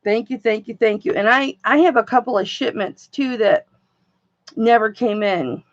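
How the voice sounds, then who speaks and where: Woman, live-stream seller; chatty, excitable, casual swearing; slightly high voice, dry lo-fi sound. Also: normal speed, dry recording.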